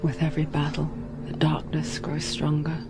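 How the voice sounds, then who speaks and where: A low, flat, ominous whisper from a female storyteller in a dark video game, in a whispered role-play. She speaks slowly, and loud music swells behind her.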